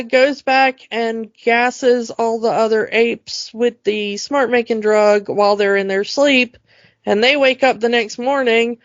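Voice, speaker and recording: Slow-talking woman co-host, casual chat. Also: medium pitch, no echo. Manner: chatty retelling with many fillers and laughs. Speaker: podcast co-host. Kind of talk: casual chat about a film. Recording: dull lo-fi dry sound.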